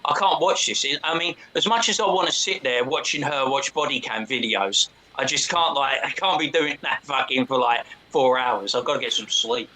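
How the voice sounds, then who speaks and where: An Englishman with a bright, tense voice co-hosts a casual stream. He talks bluntly and grumbles with a dry edge, dropping "mate" into his chat. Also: mid-range voice, animated, normal speed, few pauses, poor audio. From England. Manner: blunt, complaining, says mate. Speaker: co-host.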